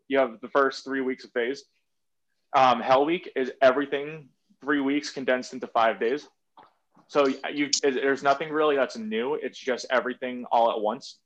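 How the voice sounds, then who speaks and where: A man's voice: medium pitch, a bit bright. Rambling, casual man, slightly muffled. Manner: loose, rambling storytelling with lots of "like" and casual swearing. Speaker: guest. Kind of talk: casual conversation.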